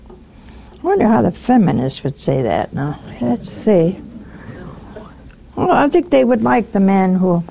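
A woman's voice: medium pitch, a little slow, creaky, long pauses. A woman preaching a broadcast sermon, telling stories with wry humor, teasing her listeners and dropping to a whisper to stress a point. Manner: animated storytelling, dropping to a whisper for emphasis.

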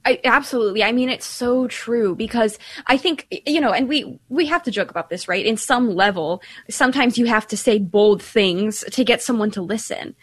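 A woman from Ireland co-hosting a Catholic radio talk show, chatty and quick, laughing easily. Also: a little high, fairly bright tone, no room sound. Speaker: radio co-host.

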